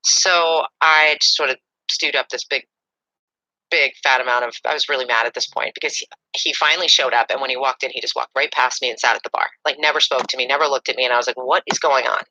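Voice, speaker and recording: A middle-aged woman telling a personal story in casual conversation, animated and rambling with fillers and restarts. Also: very deep voice, quick pace, no room sound, poor audio. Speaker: podcast guest.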